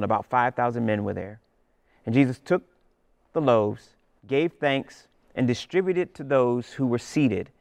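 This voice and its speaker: A man preaching a sermon as pastor, retelling scripture in a lively storytelling way. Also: mid-range voice, no room sound.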